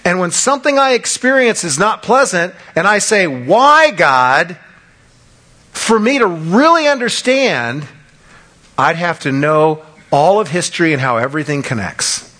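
A man in his fifties preaching a sermon, telling stories in an animated way and acting out the people he quotes. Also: high voice, normal speed. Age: 50s.

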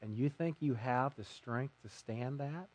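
A man's voice: medium pitch, measured pace, a little mellow. A man preaching a sermon, telling a story dramatically and acting out the quotes himself.

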